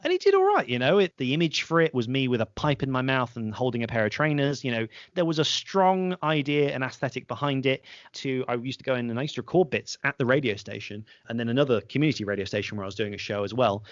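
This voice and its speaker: Fast-talking posh English young man. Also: mid-range voice, no room sound. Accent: posh southern English. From England. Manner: brisk, lively storyteller who acts out quoted voices. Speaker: podcast host as interview guest. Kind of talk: casual interview chat. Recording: slightly muffled, dry close sound.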